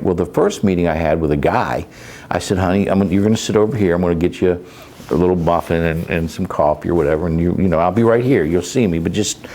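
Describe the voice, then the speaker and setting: A man's voice: sits low, darkish tone. A middle-aged man, a caregiver, talks plainly in an interview, rambling with many fillers and restarts as he tells stories. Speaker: caregiver and sales coach. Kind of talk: candid interview storytelling. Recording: faint background noise.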